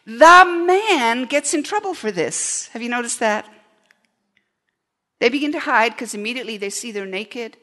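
A woman preaching a lively sermon, animated and often asking the audience questions. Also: a little high, normal speed, long reverb tail.

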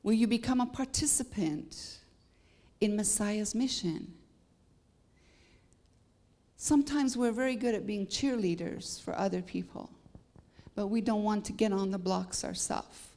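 A Canadian-accented woman preaching a sermon, building to emphatic peaks and easing into playful asides. Her mid-pitched voice carries a gravelly fry. She speaks as a visiting preacher addressing a congregation. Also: normal speed, mellow. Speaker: guest preacher.

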